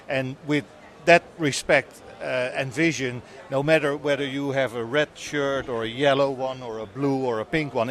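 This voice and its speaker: A man gives interview answers outdoors at an evening event. He halts often and repeats words as he gathers his thoughts. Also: mid-range voice. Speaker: guest.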